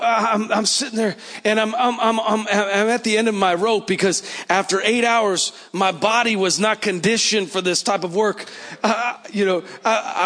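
High-voiced man preaching in a reverberant hall. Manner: animated storytelling, repeats words, acts out quotes. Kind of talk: sermon testimony. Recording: long reverb of a large hall.

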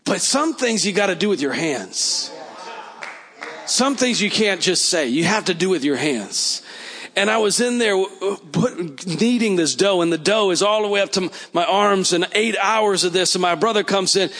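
A high-pitched man preaching a sermon testimony in a large hall, with the sound ringing in a long reverb. He tells his story with animation, often repeating words as he goes. He acts out the lines he quotes. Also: animated, moderate pace, a bit bright.

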